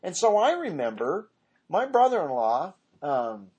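A man's voice: fairly high pitch, huge pitch swings, a little slow, darkish tone, husky, dull audio. A man teaching an informal Bible study, rambling off on tangents and correcting himself as he goes.

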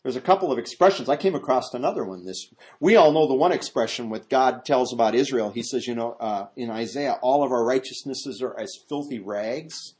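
A man, a pastor, preaching an expository sermon in an animated way, moving from loud exclamations to hushed asides and acting out voices in his stories. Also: medium pitch, a little fast.

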